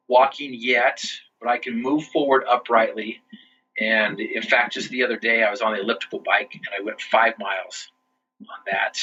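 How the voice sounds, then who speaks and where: A man's voice: lowish voice, pushed and bright, dull audio, slight background noise. A man being interviewed on a podcast, telling his own story earnestly, often restarting his sentences. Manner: earnest, with frequent restarts and "you know". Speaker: interview guest.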